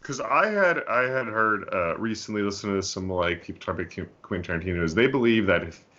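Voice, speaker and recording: A man's voice: on the low side, expressive, fast, pushed and bright, dull audio. A man co-hosting a film podcast, talking casually and often restarting his sentences. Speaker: podcast co-host. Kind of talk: casual chat.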